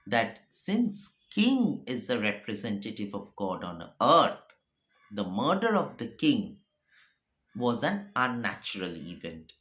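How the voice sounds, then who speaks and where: A woman teacher explaining a play line by line, repeating and paraphrasing. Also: a bass voice. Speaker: English teacher. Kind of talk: literature lesson. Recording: echoey room.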